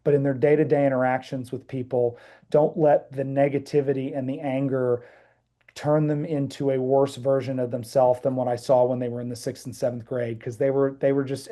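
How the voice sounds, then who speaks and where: A middle-aged man, a band director, giving earnest, halting interview answers with many restarts. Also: medium pitch, little pitch movement, warm tone. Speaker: high school band director, guest.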